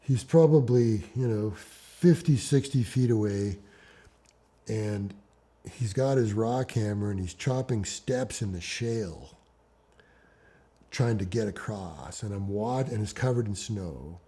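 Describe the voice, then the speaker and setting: Male interviewee with a dark, husky voice; spins a vivid story, dropping quiet then rising loud. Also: lowish voice, slow pace. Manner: animated storyteller, swings from hushed to loud. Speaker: interviewee, rock climber.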